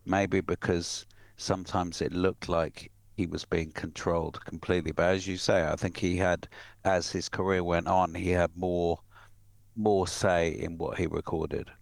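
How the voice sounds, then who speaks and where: A man co-presenting on radio, giving opinions in casual chat with halting restarts. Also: sits low, little pitch movement, vocal fry, dry recording.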